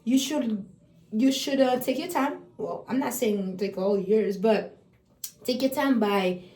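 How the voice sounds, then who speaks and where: A woman giving a casual explanatory talk on early intervention, chatty and lively, acting out how parents and children talk to each other. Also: fairly high pitch, slow pace, echoey room. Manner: chatty, acts out parent and child exchanges, laughs often.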